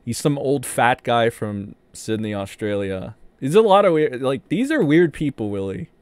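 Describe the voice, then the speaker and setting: A man hosting a casual livestream, rambling and profane, in animated commentary. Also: mid-range voice, moderate pace, clean tone, dry recording. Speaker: streamer host.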